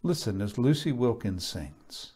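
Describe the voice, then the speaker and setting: A man reading scripture aloud at a church service, in a measured and solemn way. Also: on the low side, big pitch swings, mellow, breathy edge.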